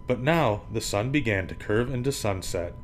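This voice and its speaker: A man reading children's picture books aloud for his podcast, with a lively, swinging voice pitched in the middle. He acts out the sounds with gusto, and a faint hiss sits under the recording. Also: normal speed. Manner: animated, acts out sound effects.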